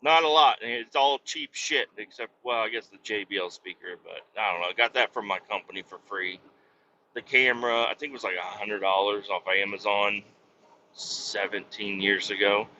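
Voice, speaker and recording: A man's voice: on the low side, moderate pace, lo-fi sound, a little hiss or hum. Profane rambling man in a truck. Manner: profane, rambling, loud outbursts. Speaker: podcast host. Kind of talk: rambling monologue while driving a truck. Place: truck cab on the highway.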